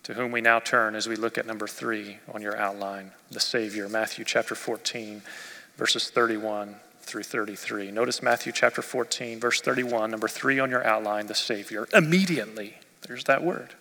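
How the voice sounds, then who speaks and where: A male pastor preaching a sermon expressively, rising in force and dropping to near quiet. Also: fairly low pitch, level tone, moderate pace, vocal fry. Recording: long reverb of a church hall.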